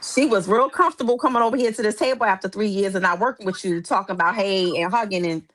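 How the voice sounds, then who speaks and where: A woman's voice: mid-range voice, fast, fairly bright tone. A woman co-hosting a casual podcast, telling a story in a playful, emphatic way. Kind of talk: casual chat.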